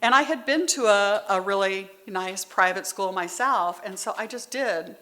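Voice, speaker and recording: A woman's voice: medium pitch, normal speed, a bit bright. A middle-aged woman speaking at a recovery meeting, telling her story candidly and conversationally, heartfelt and near tears at times. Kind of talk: personal testimony at a meeting.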